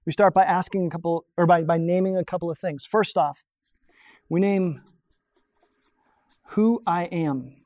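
A pastor talks a congregation through a diagram in a relaxed, conversational sermon. The voice sits in a middle register and is recorded dry and close, with no room echo. Questions are posed and then answered in a plain teaching manner. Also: mid-range voice, a little slow, pauses often. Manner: explains points on a drawn diagram, asks rhetorical questions.

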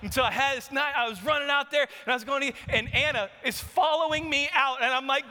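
Pastor guy preaching, bright high voice, big echoey church hall. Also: brisk, hardly any pauses. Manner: animated, emphatic storyteller with rising shouts. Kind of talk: sermon with storytelling. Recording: long hall reverb.

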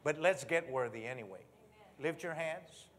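A man preaching a sermon in a church, animated, moving from hushed talk to loud exhortation as he leads the congregation. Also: fairly high pitch, moderate pace. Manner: leads the congregation in call-and-response.

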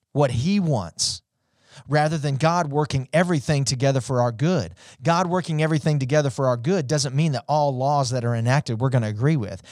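A man preaching a sermon, impassioned and speaking straight to online viewers, rising to high, urgent peaks. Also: darkish tone, no echo, studio quality. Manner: addresses online viewers directly. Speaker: pastor.

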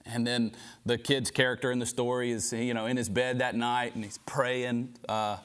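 A man preaches in a loose, chatty manner, as if talking with friends rather than delivering a speech. His voice sits at an ordinary middle pitch, and he drops casual asides to his listeners throughout the sermon. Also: flat delivery, normal speed, a bit bright. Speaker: pastor.

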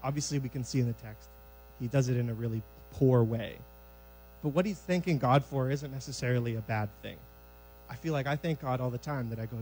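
A man preaching a sermon in a church sanctuary, conversational and lively, acting out scenes from scripture. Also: mid-range voice, fairly quick, a little hiss or hum, poor audio.

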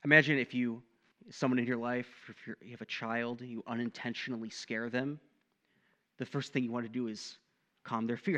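A young man preaching a sermon in a conversational, animated way, often tossing in "right?" to the listeners. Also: medium pitch, moderate pace. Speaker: pastor.

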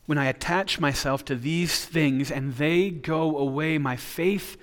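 An earnest male pastor delivers a sermon, stumbling and restarting phrases as he works through an idea. His voice sits a little high for a man. The sound carries a long hall reverb. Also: measured pace, fairly bright tone. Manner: earnest, with frequent repeated restarts.

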